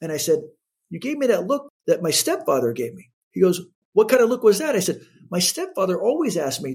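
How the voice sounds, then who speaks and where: A man's voice: high voice, a little fast, breathy edge. A man in his fifties, a guest telling his story in an interview, acting out the voices of the people in it. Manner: animated storyteller acting out quotes.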